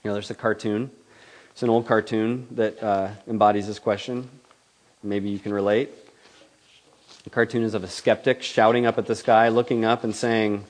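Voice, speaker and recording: A man's voice: lowish voice, steady tone, normal speed. A man preaching a sermon in a conversational, questioning way, often acting out the voices he quotes.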